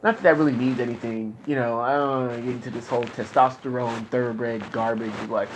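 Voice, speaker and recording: A young man speaking as a client in therapy, frustrated and rambling, with frequent halting restarts. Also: mid-range voice, fairly even intonation, a bit bright, slight background noise. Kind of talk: candid casual talk.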